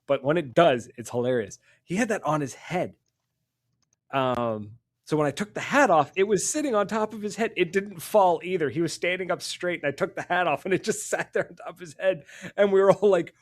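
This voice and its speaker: A high-pitched man talks fairly quickly as he hosts a podcast of casual storytelling. Full of energy, he laughs a lot and acts out the people in his anecdotes.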